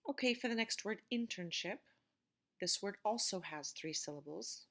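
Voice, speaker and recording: A woman teaching an English vocabulary lesson, speaking words slowly and clearly to explain word stress. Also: mid-range voice, animated, a bit bright.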